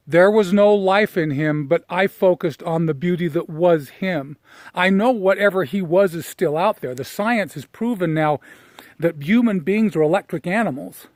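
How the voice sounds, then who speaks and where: Middle-aged man, fairly high-voiced, dry close sound, reflective storyteller who halts and restarts while walking outdoors. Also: no room sound. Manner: emotional, reflective, halting with fillers. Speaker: personal development speaker. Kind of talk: personal storytelling.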